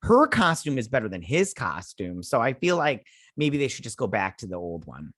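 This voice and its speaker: With big pitch swings around a medium pitch, this host talks at normal speed in a slightly bright voice. He reviews an episode casually, rambling through the plot with many fillers and restarts, in a dry, studio-quality recording.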